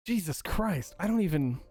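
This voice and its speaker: A man with a slightly higher voice talks casually to his stream chat, swearing often and sounding fed up. His rant is heated and exasperated. Soft music plays faintly underneath. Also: breathy edge. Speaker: streamer host.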